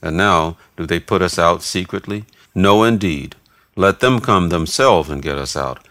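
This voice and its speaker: A man giving a steady, measured reading of scripture, voicing narration and quoted speech alike. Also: low voice, no room sound. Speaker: scripture reader.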